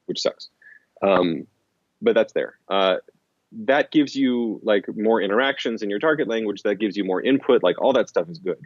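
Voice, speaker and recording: A man with a very deep voice speaks as an interview guest, loose and rambling, restarting sentences and leaning on fillers. The recording is dry and close, with a slightly muffled, lo-fi tone. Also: normal speed, dry recording. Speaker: interview guest, language-learning author. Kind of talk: casual conversational interview.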